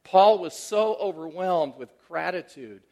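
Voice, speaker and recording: A middle-aged preacher with a high, creaky voice speaks a little slowly as he shares a personal story in his sermon. He stays conversational, switching from animated emphasis to a hushed tenderness.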